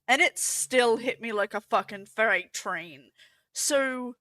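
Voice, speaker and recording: A woman's voice: fairly high pitch, takes it slowly, sharp tone, no room sound. A young Australian woman, stoned, chatting crudely with her stream chat and swearing freely.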